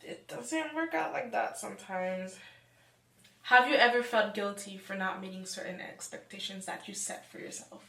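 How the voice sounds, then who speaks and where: A woman from Haiti hosts a relaxed chat, asking questions and talking loosely with lots of fillers. Her voice sits in a roomy space. The mic picks her up from a distance. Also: medium pitch, normal speed, creaky. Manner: chatty, asks questions, many fillers. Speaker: host. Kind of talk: casual chat.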